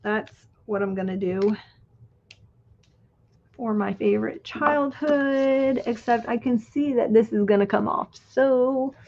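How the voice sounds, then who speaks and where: A middle-aged woman hosts a crafting livestream, chatting in an unhurried, rambling way and losing her thread as she works with her hands. Her voice sits a little high. The audio sounds dull and lo-fi. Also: darkish tone, a little hiss or hum. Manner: chatty and reminiscing, trails off while working. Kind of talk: casual chat while crafting.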